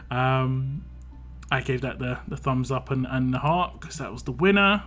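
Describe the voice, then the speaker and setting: A man's voice: medium pitch, steady tone, unhurried, a bit bright, soft background music. A man casually streaming a mobile game, reading viewer comments aloud in a playful sing-song and chatting about characters.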